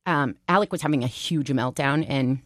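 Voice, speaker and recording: A woman in her forties with a low-pitched voice tells stories in a casual podcast chat, open and emotional. The sound is dry and close, with no room around her. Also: moderate pace, no room sound. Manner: emotional, animated storyteller with laughs. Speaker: talk show co-host.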